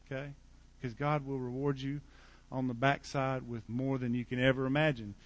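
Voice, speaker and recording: A man's voice: mid-range voice, level tone, moderate pace. A male pastor preaching a sermon in a church in a conversational, joking way.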